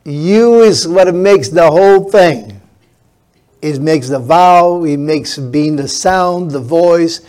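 Slow, deliberate preaching man. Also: on the high side, a little mellow. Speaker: pastor. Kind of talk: sermon.

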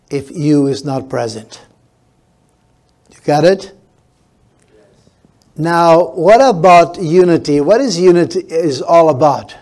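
Slow, deliberate preaching man. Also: a little high, darkish tone. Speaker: pastor. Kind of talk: sermon.

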